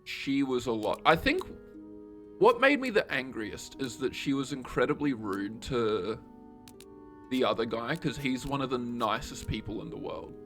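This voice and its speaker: A man's voice: medium pitch, sing-song, a little slow, a bit bright, soft background music. A young man streaming a game, casually telling a story in a laid-back way, swearing and laughing as he goes.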